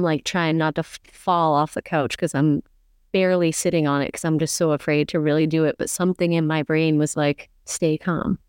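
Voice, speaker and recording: A woman guest recounts a personal story in an urgent, fast-moving way, acting out what was said along the way. Her voice sits on the lower side and sounds smooth and clear. The sound is dry, with no room around it. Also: a little mellow, dry recording. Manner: fast, urgent retelling, quoting herself and others vividly. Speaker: podcast guest. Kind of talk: emotional personal story in conversation.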